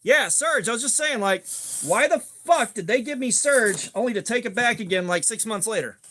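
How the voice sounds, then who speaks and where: A man's voice: very high-pitched, animated, normal speed, sharp tone. A middle-aged man hosting a casual livestream chat, rambling and swearing freely with a lot of filler. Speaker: host.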